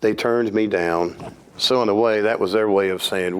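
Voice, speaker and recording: Plainspoken low-voiced Southern pastor. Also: male voice, a little slow, smooth. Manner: plainspoken, earnest storyteller. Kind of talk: Bible study storytelling. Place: church hall.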